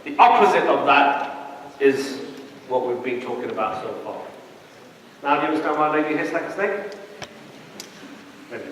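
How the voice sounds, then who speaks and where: A man, an imam, giving a lively public talk and speaking straight to his live audience. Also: fairly high pitch, normal speed, pauses often, slight background noise. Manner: animated, addresses the audience directly. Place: large hall. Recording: echoey hall, mic from far off.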